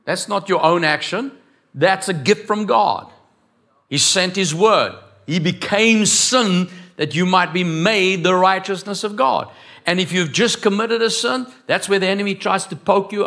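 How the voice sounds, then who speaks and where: Bright-voiced male pastor preaching. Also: fairly high pitch, moderate pace. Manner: lively preaching, acting out dialogue and quotes. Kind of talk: sermon.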